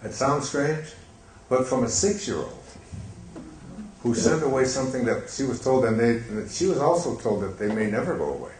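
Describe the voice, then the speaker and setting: An older man telling a story on stage in a gentle, reflective way, pausing with fillers. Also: medium pitch, expressive. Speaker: speaker on stage. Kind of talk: storytelling talk. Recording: echoey hall, faint hiss.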